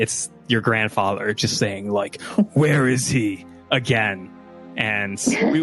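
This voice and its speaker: A man's voice: medium pitch, sharp tone. A man narrating a tabletop game as game master, telling the story casually with filler words.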